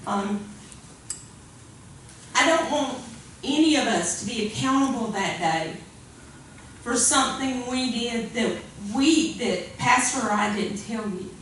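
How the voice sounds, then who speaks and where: A woman's voice: on the high side, animated, slow, pauses often, a bit bright. A woman preaching a sermon in an earnest, conversational way, often repeating her phrases. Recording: echoey room, far from mic, faint hiss.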